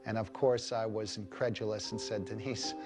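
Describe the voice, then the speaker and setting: A man speaks in a fairly low voice, recounting events with earnest emphasis. He sounds like he is giving an interview testimonial. Music plays clearly beneath him. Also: fairly even intonation, moderate pace. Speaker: husband of a cancer patient. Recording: music bed under the voice.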